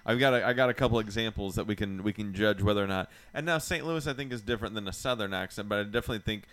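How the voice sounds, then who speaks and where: A man's voice: on the low side, very fast, a bit bright. A man hosting a podcast in casual chat, rambling through a ranked list with frequent laughs and restarts. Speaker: podcast host.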